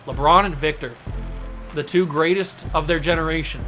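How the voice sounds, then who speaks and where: A young man hosting a gaming channel, commenting casually on his basketball video game and breaking into excited play-by-play shouts at big plays. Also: fairly high pitch, normal speed, soft background music.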